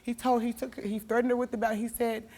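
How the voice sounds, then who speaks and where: A woman's voice: fairly high pitch, little pitch movement, fast talker, background noise. A young woman telling a talk show host an emotional story, her voice turning tearful and pleading. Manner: tearful, pleading, rising to shouts. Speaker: guest.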